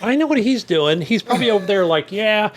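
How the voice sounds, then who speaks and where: High-voiced joking podcast co-host man. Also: animated, fast talker, a little hiss or hum. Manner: joking, teasing. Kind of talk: casual podcast chat.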